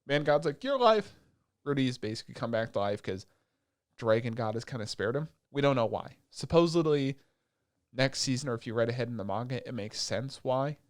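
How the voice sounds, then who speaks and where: This podcast co-host casually recaps an anime, swearing a lot and acting out the characters' lines as he goes. He has a mid-range male voice and talks fairly quickly, recorded in a clean studio with no echo.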